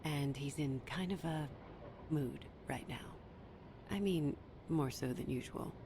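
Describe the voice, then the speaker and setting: A sultry, low-voiced club hostess. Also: female voice, slow pace, full character voice. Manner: soft, sultry, half-whispered. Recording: game audio with clear background noise.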